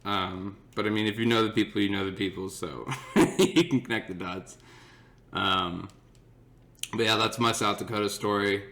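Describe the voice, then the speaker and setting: Animated young man telling a story. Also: fairly low pitch, moderate pace. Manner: animated, laughs often, acts out friends' voices. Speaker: podcast host. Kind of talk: casual storytelling.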